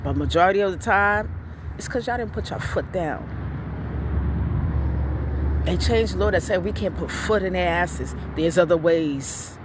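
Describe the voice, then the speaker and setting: A woman giving blunt, profane parenting opinions in a casual vlog rant, telling stories in an animated way. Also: lowish voice, a little slow, long pauses, noisy background.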